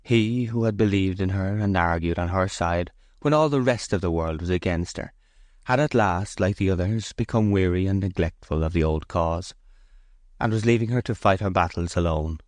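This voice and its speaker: A man narrating a classic novel as an audiobook in measured, even scripted narration. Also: sits low, no room sound.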